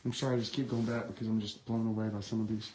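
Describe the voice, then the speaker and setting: A man exploring an abandoned medical building and talking live to viewers on his phone, musing in a hushed, awed way as he reads book titles aloud. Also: lowish voice, little pitch movement, racing, background noise. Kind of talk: rambling live-stream chat.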